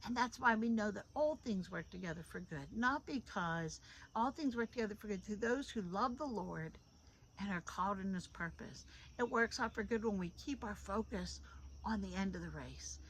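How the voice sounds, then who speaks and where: A middle-aged woman giving an informal devotional talk into a phone. She is animated and repeats phrases for emphasis. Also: mid-range voice, moderate pace, a little hiss or hum, poor audio. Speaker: devotional host.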